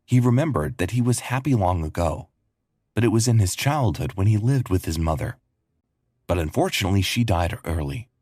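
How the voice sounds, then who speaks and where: A husky-voiced man narrates a scripted story in a low register. His delivery moves lively up and down, and the sound is dry and close. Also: fairly quick, dry recording.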